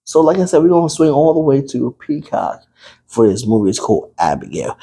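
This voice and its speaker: A man's voice: medium pitch, big pitch swings, moderate pace, creaky, warm tone, slight background noise. A man casually reviewing a movie to camera, chatty and playful, talking to his viewers. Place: room with a TV behind him.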